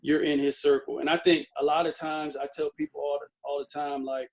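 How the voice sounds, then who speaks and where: Man telling loose stories, fairly high voice. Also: little pitch movement, a little fast. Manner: loose storytelling, many fillers and restarts. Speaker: interview guest. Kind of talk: casual interview chat.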